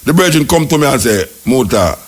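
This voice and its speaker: A man's voice: medium pitch, sing-song, brisk. A man speaking with a Jamaican accent, hosting a radio call-in show and telling rambling stories in patois. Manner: rambling patois storytelling with acted quotes. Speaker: radio talk show host. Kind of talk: casual storytelling and call-in chat.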